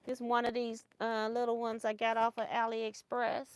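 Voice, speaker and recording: Casual livestream sewing lady, slightly high voice, unhurried, chatty and giggly. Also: monotone, smooth. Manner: chatty, laughs often, thinks aloud while sewing.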